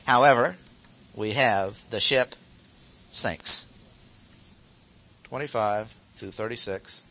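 Bright-voiced man teaching a Bible passage. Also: fairly low pitch, slow pace, slight background noise. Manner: reads verses aloud with asides and explanations; repeats key phrases for emphasis. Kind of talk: expository Bible lecture.

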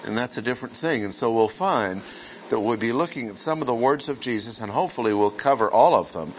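A man teaching scripture in a sermon, speaking deliberately, repeating key phrases and putting rhetorical questions to his listeners. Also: mid-range voice, lively intonation, slight background noise. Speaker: pastor teaching a Bible class. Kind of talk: sermon-style Bible teaching.

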